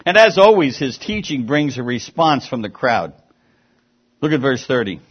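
A man's voice: mid-range voice, very animated, normal speed, slightly rough, highs cut off. A man preaching an expository sermon, explaining the text with emphatic, rising and falling delivery.

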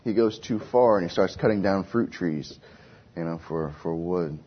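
Man, informal Bible teacher, asks the class questions, deep voice, dull lo-fi recording. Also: moderate pace, breathy edge.

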